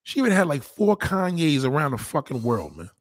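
New guy going off, swearing nonstop, kinda husky, dry close mic. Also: a little fast, no room sound. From New York. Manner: profane, animated, swinging pitch. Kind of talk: casual rant.

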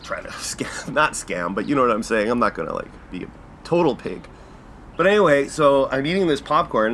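A Canadian man hosting a podcast, telling a casual story with laughs and acting out quotes in jumpy high voices. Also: bright, forceful tone, slight background noise. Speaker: podcast host.

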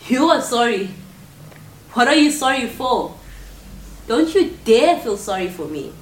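A woman's voice: on the high side, expressive, a little slow, faint music behind. A woman performing spoken word poetry in an intense, confrontational way. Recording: echoey room from far off with faint ambience.

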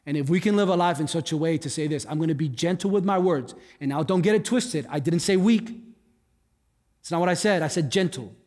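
Male guest pastor, higher register, conversational sermon with jokes; long hall reverb, faint music under. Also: a little fast, darkish tone. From Cuba. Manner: conversational, joking asides. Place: church hall.

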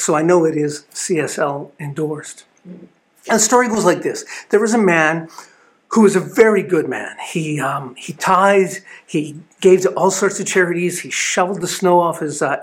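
Earnest man giving a sermon. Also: fairly high pitch. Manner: earnest storytelling with small restarts. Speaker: speaker at a spiritual living center service.

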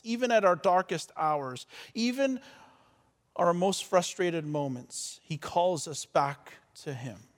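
High-voiced preacher in a reverberant church. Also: male voice. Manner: stumbling repetitions, swinging from loud to soft. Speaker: pastor. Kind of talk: sermon. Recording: long reverb of a large church hall.

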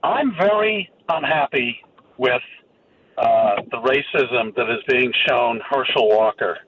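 A man, calling in to a radio show and speaking in an earnest, halting way. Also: medium pitch. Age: 60s. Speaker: caller. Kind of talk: phone-in call. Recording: muffled phone line with faint noise.

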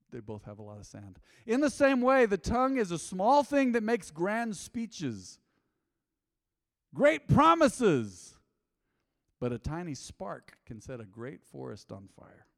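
A man preaching a sermon to his congregation in a conversational way, with joking asides, moving from quiet low remarks to loud emphatic reading. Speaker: pastor. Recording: long hall reverb.

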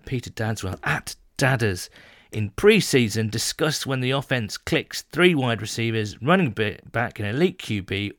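A man's voice: medium pitch, fairly bright tone, no room sound, clean studio sound. A man from the United Kingdom hosting a casual podcast, reading out listener messages and reacting with jokes. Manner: chatty, jokey, reads messages then reacts. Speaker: podcast host.

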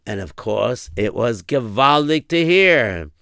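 Slow folksy storyteller guy, gravelly but bright voice, dropping yiddish words. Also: medium pitch, animated, dry recording, studio quality. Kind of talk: spoken storytelling.

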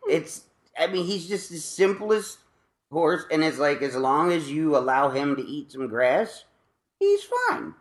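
A man's voice: on the high side, expressive, a little slow. Rambling, self-mocking man in an echoey room. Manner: rambling, self-mocking, lots of fillers and laughs. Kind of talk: casual chat.

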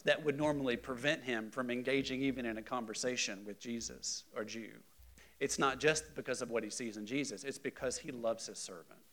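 A man teaching a Bible study class in a conversational, animated way, often checking in with the group and rising loud for emphasis. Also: mid-range voice.

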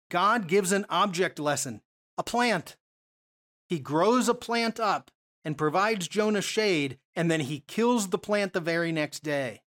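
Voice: medium pitch, fairly bright tone. Preacher teaching a bible passage, chatty, lots of questions to the crowd, restarts a lot. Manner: conversational, many rhetorical questions and restarts.

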